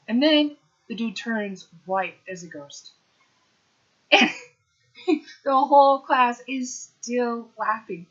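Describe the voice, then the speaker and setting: A middle-aged woman, a comedian, telling a story in an animated, punchy way with playful asides. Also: medium pitch, highs cut off. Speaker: stand-up comedian. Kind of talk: storytelling monologue.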